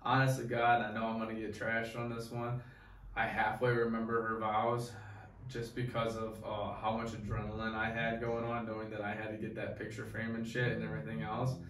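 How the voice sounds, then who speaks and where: A young man co-hosting a podcast, rambling through a profane, excited story in casual chat. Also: on the low side, fairly quick, slight background noise. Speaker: podcast co-host. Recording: echoey room, distant mic.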